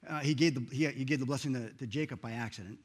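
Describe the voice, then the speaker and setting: Pastor guy preaching earnest, voice swings up loud then drops way down, sounds like church. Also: medium pitch, fast talker, slightly rough. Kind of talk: sermon.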